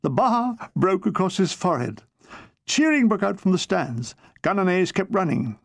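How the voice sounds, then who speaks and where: A man's voice: high voice, big pitch swings, moderate pace, vocal fry, no room sound. A man reading his own memoir aloud in a dry, comic storytelling manner. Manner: dry comic storytelling, slipping into brief character voices. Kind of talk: audiobook narration.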